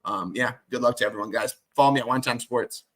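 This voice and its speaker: A man appearing as a guest tipster, giving sports picks in casual talk, with many "um"s. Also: medium pitch. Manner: fast and flat, many "um"s.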